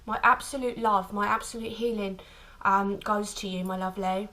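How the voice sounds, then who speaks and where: Tender woman tarot reader, halting speech. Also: mid-range voice, fairly even intonation, pushed and bright, rough recording. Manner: tender, calls listener "my lovely"; halting, many restarts and fillers. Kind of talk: intuitive tarot reading to camera.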